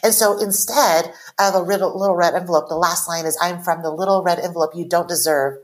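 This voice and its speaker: A woman in her forties, originally from Taiwan, talks in a reflective, earnest way as an interview guest. Her voice sits a little low for a woman, and she slows down when reading her own lines aloud. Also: fairly even intonation. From Taiwan, raised in the US. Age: 40s. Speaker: author guest.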